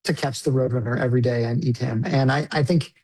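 A man's voice: medium pitch, steady tone, fast, a little mellow, breathy edge, rough recording. A man, a film director, answering interview questions casually, with fillers like "like" and "you know". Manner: casual, with filler words and restarts.

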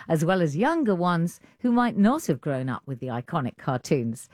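A woman with an English accent presenting a radio arts show, reading clear scripted links and chatting with a colleague. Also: deep voice, a little mellow, no room sound, studio quality. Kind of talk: broadcast presenting.

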